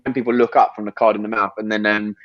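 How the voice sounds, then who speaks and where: A man, a guest on a podcast, telling stories in a quick, rambling way, full of fillers and restarts. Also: on the low side, level tone, no echo, highs cut off. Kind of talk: casual interview chat.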